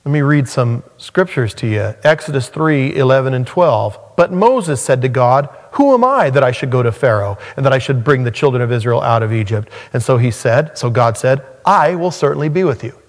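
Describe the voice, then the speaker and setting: A male pastor delivers an earnest sermon with a mid-pitched voice that jumps up when he acts out scripture. His voice carries a long reverb through the church hall. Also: normal speed, hardly any pauses. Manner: earnest, animated preaching that rises sharply when acting out scripture.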